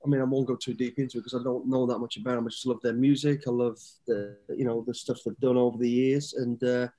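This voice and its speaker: A man's voice: medium pitch, flat delivery, quick pace, dark tone, soft background music. A man in his fifties, a guest telling easygoing, rambling stories with frequent restarts. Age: 50s. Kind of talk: casual storytelling interview.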